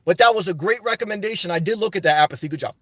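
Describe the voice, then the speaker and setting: High-voiced middle-aged man ranting passionately. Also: racing, a bit bright, no room sound. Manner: reads viewer comments aloud and answers them. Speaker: livestream host. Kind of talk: casual live-chat reply.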